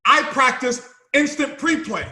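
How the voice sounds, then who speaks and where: A man with a very high, bright voice gives a fired-up motivational talk to his team. He repeats himself and builds up to shouts, and his voice rings in an echoey room. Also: measured pace. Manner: emphatic, repetitive, builds to shouts. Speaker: business mentor leading a call.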